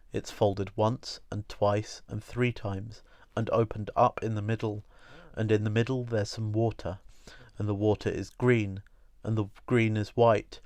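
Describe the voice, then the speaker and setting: Slow, low-voiced male reader. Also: a little mellow, no room sound, studio quality. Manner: slow, meditative, repetitive cadence. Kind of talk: literary prose reading.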